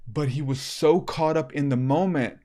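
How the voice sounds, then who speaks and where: A man hosting a podcast, telling a story in a casual, animated way with plenty of fillers. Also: fairly high pitch, moderate pace. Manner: animated, acts out quotes, many fillers. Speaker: podcast host.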